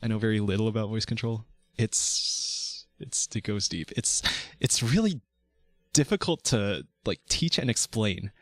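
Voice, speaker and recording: A man's voice: on the low side, animated, moderate pace, no room sound. A man streaming as a vtuber, chatting casually and rambling through restarts and swearing about voice technique. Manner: rambling, frequent restarts, swears, laughs between words. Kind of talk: casual chat.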